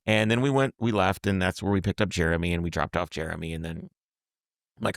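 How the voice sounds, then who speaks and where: Male podcast host, deep gravelly voice, lively raconteur, dry studio sound. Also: fast talker, no room sound. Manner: animated, acts out quotes, repeats and restarts words. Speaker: podcast host telling a road trip story. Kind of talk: casual storytelling chat.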